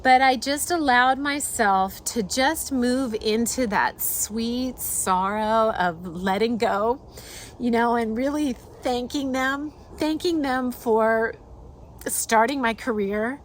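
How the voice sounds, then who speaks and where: Woman, fairly high voice, heartfelt rambling storytelling, outdoors, faint background noise. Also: slow. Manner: heartfelt and rambling, many fillers and restarts. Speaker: artist and host. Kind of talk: personal storytelling monologue.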